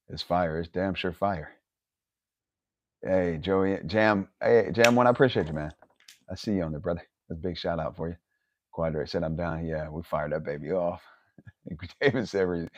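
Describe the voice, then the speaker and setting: A man's voice: deep voice, dry recording. A man hosting a casual livestream from his yard, rambling and swearing, laughing often. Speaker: livestream host. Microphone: phone camera.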